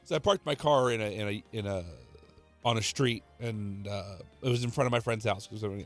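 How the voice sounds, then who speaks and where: A man chatting casually on a live stream, relaxed and swearing easily as he tells stories. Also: mid-range voice, a little fast, no room sound. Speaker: streamer co-host. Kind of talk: casual storytelling chat. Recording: music faint in background.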